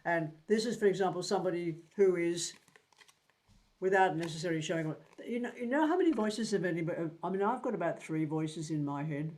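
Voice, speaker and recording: A man's voice: sits high, a little fast, darkish tone. A man in his seventies teaching a tarot group in a casual, blunt way, swearing freely and repeating words while he thinks. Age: 70s.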